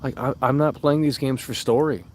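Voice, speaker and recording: A man's voice: mid-range voice, steady tone, moderate pace, a little hiss or hum. A young man streaming and reading chat aloud, blunt and exasperated, swearing freely and mocking comments in sarcastic voices. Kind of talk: casual live-stream chat.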